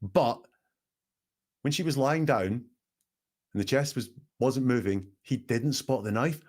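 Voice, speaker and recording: A man's voice: mid-range voice, animated, a little slow, darkish tone. A man hosting a show, analyzing recorded words in a questioning, emphatic manner. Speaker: statement analyst host. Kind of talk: analytical commentary.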